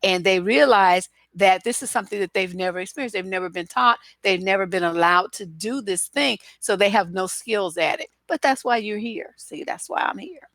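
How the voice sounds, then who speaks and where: A woman relationship coach talking to her viewers in a casual live broadcast, blunt, animated and freely profane. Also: mid-range voice, normal speed, hardly any pauses, no echo.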